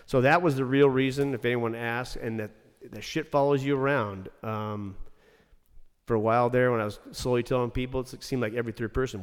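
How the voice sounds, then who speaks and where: A man's voice: medium pitch, fairly quick. Man, blunt, profane, ranting, long reverb. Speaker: former ice rink general manager. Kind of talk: casual podcast chat.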